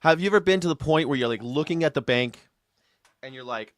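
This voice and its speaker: A man hosting a live call-in show, rambling and excitable, swearing freely as he talks. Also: on the high side, a little fast, no echo. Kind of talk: casual call-in chat.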